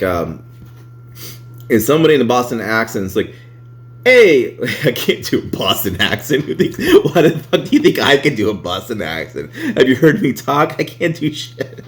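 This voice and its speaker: A man talks casually on his vlog, reading reviews aloud. His voice swings widely in pitch. He laughs often and curses freely. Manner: laughs a lot, swears freely, animated.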